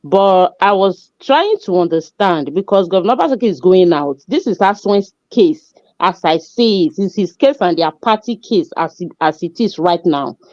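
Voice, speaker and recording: A woman's voice: fairly low pitch, expressive, normal speed, a little mellow, no echo. Woman, insistent, offended, muffled call audio, dry. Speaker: panelist. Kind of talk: heated online debate.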